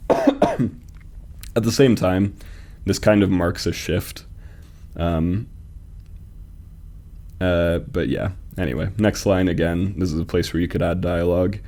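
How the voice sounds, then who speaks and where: A man casually critiquing submitted poems, thinking aloud with fillers and restarts and reading verse lines slowly to test their stresses. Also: deep voice, a little mellow. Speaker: host reviewing fan poetry submissions.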